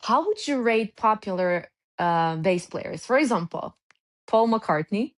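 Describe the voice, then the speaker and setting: A woman's voice: mid-range voice, lively intonation, measured pace. A woman hosting a casual interview, enthusiastically asking questions, including some from her audience. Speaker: interview host.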